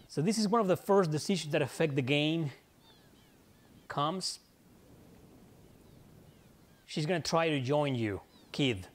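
A man's voice: fairly high pitch, animated, a little slow, long pauses. A man hosting his own gaming channel, chatting casually through gameplay, laid-back and joking at himself.

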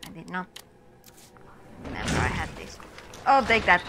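A woman's voice: lowish voice, very animated, normal speed, background noise. A woman giving casual, exasperated commentary while playing a video game, talking to the enemies on screen. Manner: chatty, exasperated, talks to enemies. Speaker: gamer.

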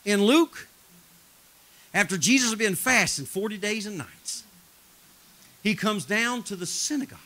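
A high-pitched man with a bright, piercing voice preaches in a church. He tells folksy stories, laughs at them, and swings between loud emphatic shouts and low, intense delivery. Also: expressive, a little slow, pauses often. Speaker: traveling preacher. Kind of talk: live sermon with storytelling. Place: church sanctuary.

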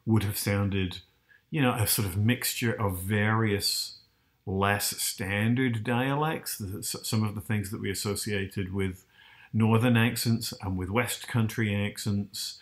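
Guy hosting, low voice, casual halting explainer, keeps asking you did you hear that. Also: steady tone. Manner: hesitant, many restarts and fillers, asks the listener. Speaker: host.

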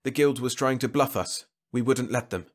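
A man voicing a triumphant male factory executive who proclaims loudly over an intercom. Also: medium pitch, moderate pace, voice pushed up, natural voice. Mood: defiant. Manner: loud, proclaiming, rhetorical.

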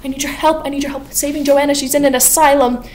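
An eager, lovestruck young man, as a woman puts him on. He talks in a breathless rush, in a voice a bit high. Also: little pitch movement, fast talker, a little mellow, a little hiss or hum, lightly acted. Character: eager young male sailor in love.

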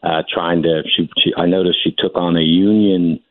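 A man's voice: low-pitched, steady tone, dry recording. Skeptical man in his fifties on a tinny phone line. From New Jersey. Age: 50s. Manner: measured, skeptical. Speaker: political journalist guest. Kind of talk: phone-in interview. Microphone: telephone.

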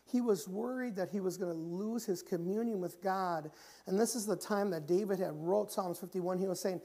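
A man preaching a church sermon, often repeating and restarting phrases and rising in pitch and volume when he reaches the pleading passages. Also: moderate pace. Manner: grows louder and higher when pleading passages. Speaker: pastor. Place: church sanctuary.

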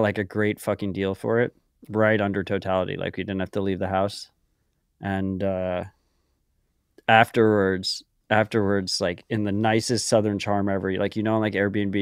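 A man's voice: lowish voice, smooth, no echo, clean studio sound. A man co-hosting a podcast in casual chat, talking in a profane, rambling way full of fillers like "like" and "um". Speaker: podcast co-host.

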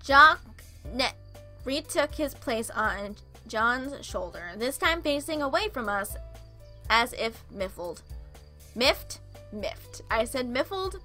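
A woman's voice: sits high, lively intonation, slow pace, pushed and bright, faint music behind. A young woman reading a visual novel aloud, with playful, giggly asides and silly voices for the characters. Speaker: let's play host reading a visual novel. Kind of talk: reading a dating game aloud with commentary.

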